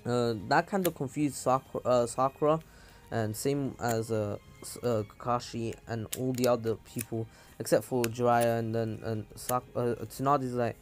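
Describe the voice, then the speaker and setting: Casual male storyteller, mid pitch, rambly with fillers, faint music beneath. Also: fairly even intonation, normal speed. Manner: rambling, with many fillers and throat clearing. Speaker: channel host.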